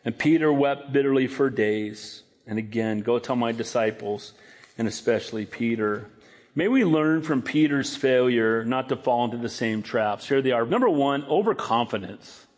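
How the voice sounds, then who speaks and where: A man preaching a sermon, animated, acting out scripture quotes in a raised voice. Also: medium pitch, normal speed. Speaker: pastor.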